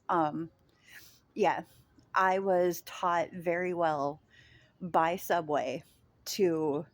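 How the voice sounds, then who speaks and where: A woman's voice: on the low side, no echo. A woman vlogger telling a story about a rude sandwich-shop customer in casual chat, rambling with many fillers and restarts.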